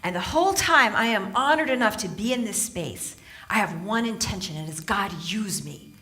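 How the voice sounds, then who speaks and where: A woman from Southern California giving a humorous inspirational talk on stage to a live audience, telling animated stories and laughing often. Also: medium pitch, fairly quick. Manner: animated storytelling, laughing often, playful asides. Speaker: motivational speaker and author.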